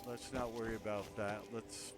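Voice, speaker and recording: A man's voice: on the low side, level tone, moderate pace, over music. A man hosting a gaming video, giving rambling, self-mocking let's-play commentary in a sarcastic tone.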